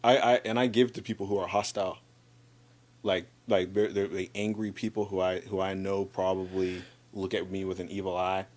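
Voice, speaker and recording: A man telling personal stories in a casual chat, animated, restarting and repeating words, acting out what friends said. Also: low-pitched, normal speed. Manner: acts out friends' lines in livelier voice.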